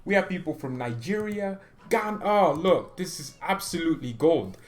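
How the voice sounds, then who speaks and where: Excitable, rambling fan-channel host man. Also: a little high, normal speed. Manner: excitable, rambling, self-mocking. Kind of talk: casual chat to camera.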